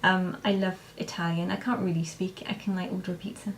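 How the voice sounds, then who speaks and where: A woman's voice: lowish voice, flat delivery, brisk, slight background noise. A young woman vlogger answering viewer questions in a casual, rambling way, with lots of hesitations and restarts. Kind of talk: casual chat to camera.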